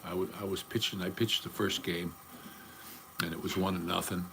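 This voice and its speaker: A man's voice: sits low, steady tone, moderate pace, creaky, fairly bright tone, a little hiss or hum. An older man chatting casually on a livestream, rambling from topic to topic in a blunt, profane way. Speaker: livestream host.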